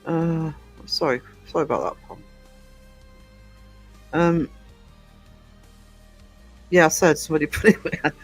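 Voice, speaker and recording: A man's voice: a little high, takes it slowly, long pauses, soft background music. A man hosting a livestream, chatting casually and rambling with many hesitations as he answers live comments. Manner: rambling, hesitant, full of ums. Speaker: livestream host.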